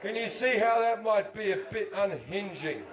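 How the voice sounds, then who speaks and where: A man in his thirties doing crude, swearing stand-up storytelling on stage, bursting into loud stretches. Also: sits high, lively intonation, normal speed, very noisy. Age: 30s. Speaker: stand-up comedian. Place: comedy stage before an audience. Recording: echoey stage recording.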